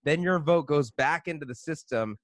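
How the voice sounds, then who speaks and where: A man's voice: fairly high pitch, no echo. A man hosting a casual podcast talk, hesitant and full of restarts, often tacking "man" onto his sentences. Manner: halting, restarts often, says "man" a lot. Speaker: podcast host.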